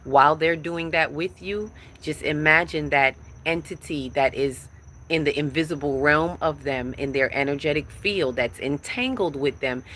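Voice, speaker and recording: A woman's voice: low-pitched, moderate pace, a bit bright, a little hiss or hum. A woman giving a live-streamed spiritual talk, emphatic and repetitive, speaking straight to her viewers. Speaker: livestream spiritual teacher.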